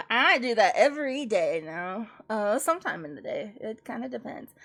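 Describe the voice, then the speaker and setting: A young woman streamer and classical singer chatting casually and jokingly while doing vocal warm-ups. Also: fairly high pitch, expressive, moderate pace, hardly any pauses. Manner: joking, self-deprecating, chatty.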